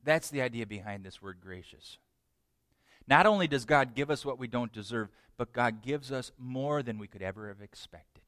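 A man preaching a sermon in an animated way, asking the congregation questions. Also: medium pitch, normal speed, no echo, clean studio sound. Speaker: pastor.

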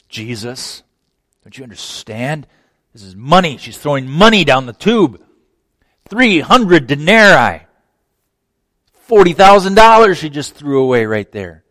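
A preacher voicing a seething, indignant disciple. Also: male voice, medium pitch, huge pitch swings, slow pace, hardly any pauses, a bit bright, breathy edge, no room sound, heavily acted. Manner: complaining rhetorical questions.

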